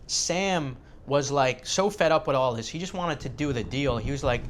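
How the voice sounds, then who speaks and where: Animated man telling a story casually. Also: on the high side, measured pace. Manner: animated, filler-heavy. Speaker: host.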